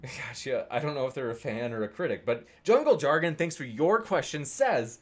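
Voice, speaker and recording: A man hosts a live debate and reads out viewer questions one after another. His voice jumps around in pitch as he puts playful little voices on the quotes. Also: animated, normal speed. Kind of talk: casual live-stream moderation.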